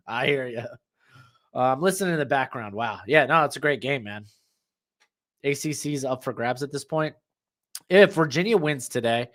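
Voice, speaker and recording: A man's voice: on the high side, a bit bright. Rambling young man live-streaming. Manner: rambling, jokey, talks to chat and his dog. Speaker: streamer hosting a watch-along. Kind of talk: casual live-stream chat and game reactions.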